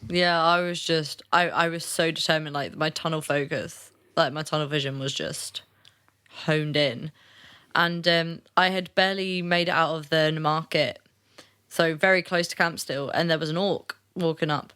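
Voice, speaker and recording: A woman co-hosting a podcast, telling a story in casual chat, animated, laughing often and swearing freely. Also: low-pitched, normal speed, clean tone. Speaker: podcast co-host.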